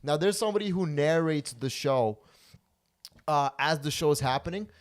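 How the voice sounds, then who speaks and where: A man hosting a podcast, telling a story in casual chat and loudly acting out the quotes, with plenty of swearing. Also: fairly high pitch, moderate pace. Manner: profane, animated storyteller who acts out quotes loudly. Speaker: podcast host.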